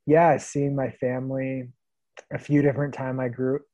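A man around thirty from the Pacific Northwest, chatting easily as a podcast guest. His voice is mellow and unforced, recorded close and dry with no room sound. He laughs his way through stories at a relaxed clip. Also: medium pitch, normal speed, no echo, lo-fi sound. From Vancouver, Washington. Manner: easygoing storyteller, laughs often. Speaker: guest, long-distance hiker.

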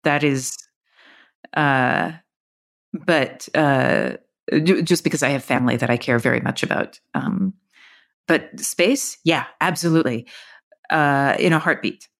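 A woman's voice: rumbling low, measured pace. A woman author talking as a guest on a podcast interview, chatty, with many fillers and restarts.

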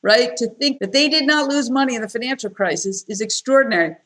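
A woman talking as a guest on a podcast, candid and animated, telling stories with enthusiasm. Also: fairly high pitch, fast talker. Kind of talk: casual podcast conversation.

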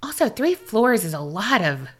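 A woman co-hosting a podcast, chatting casually and reading listener mail, animated and quick to laugh. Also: medium pitch. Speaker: podcast co-host.

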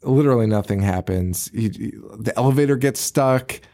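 A man's voice: medium pitch, normal speed, warm tone. Laughing, profane man recapping a film. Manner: profane, laughing, acts out characters' lines. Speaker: podcast host. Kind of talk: casual movie recap chat.

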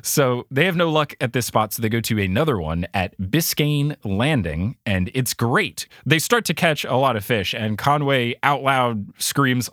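Male podcast host, animated recap style with jokey asides, very lively delivery, dry booth sound. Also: medium pitch, a little slow, hardly any pauses, no echo. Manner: animated storyteller, joking asides. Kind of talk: casual book recap chat.

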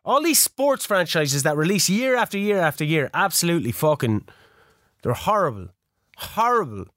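A man's voice: a little high, sing-song, a little fast, a bit bright, dry recording, clean studio sound. A man co-hosting a podcast, joking, heckling and swearing freely. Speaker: podcast co-host. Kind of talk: casual chat.

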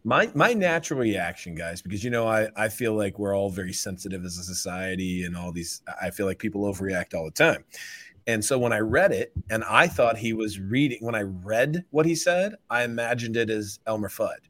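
A man hosting a casual sports podcast, thinking out loud and restarting his sentences. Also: lowish voice, expressive, fairly quick. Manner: rambling, stops and restarts to rethink. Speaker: podcast host.

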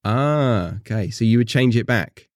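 A man's voice: medium pitch, expressive, measured pace, dry recording, studio quality. An English man hosting a podcast, casually asking his guest curious, probing questions. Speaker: podcast host. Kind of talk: casual interview chat.

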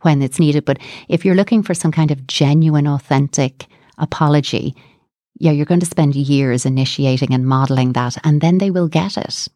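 A woman speaks as a psychotherapist guest on a podcast, calm and explanatory. Her voice sits low. The sound is dry and close, with no room echo. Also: normal speed. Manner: calm, explanatory, acts out example dialogue. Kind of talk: podcast interview, explaining advice.

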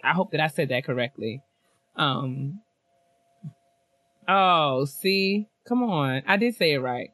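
This is a woman co-hosting a relaxed chat podcast, reading shout-outs from listeners. Her voice is bright and forward, it leaps up in pitch whenever she gets tickled, and she laughs often. The sound is dry and close, with no room around it. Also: takes it slowly, long pauses, no room sound. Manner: animated and laughing, big pitch jumps when excited. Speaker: podcast co-host.

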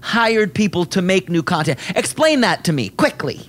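Animated gossiping male podcast co-host. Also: sits high, normal speed. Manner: animated, gossipy, laughs often. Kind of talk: casual chat.

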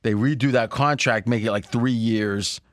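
A man's voice: mid-range voice, moderate pace, dry recording. A man hosting a sports betting podcast in a loose, joking way, with a close studio mic. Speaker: podcast host.

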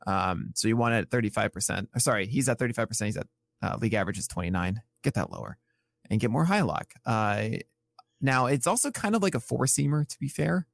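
Man, podcast co-host, gravelly, casual, stat-heavy, self-correcting. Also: medium pitch, expressive, quick pace. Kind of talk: casual podcast chat about pitching stats.

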